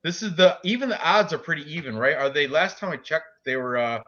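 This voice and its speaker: A man's voice: fairly high pitch, lively intonation, a little fast, dull audio, a crowd in the background. A man co-hosting a casual podcast, talking through fight picks in a rambling, self-correcting way with casual swearing. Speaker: co-host giving fight picks.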